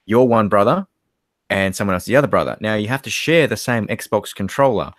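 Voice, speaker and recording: A man's voice: fairly low pitch, expressive, a little fast, no room sound, studio quality. A young Australian man co-hosting a live stream, reading viewer comments and telling rambling stories. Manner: rambling, laid-back storytelling with many fillers.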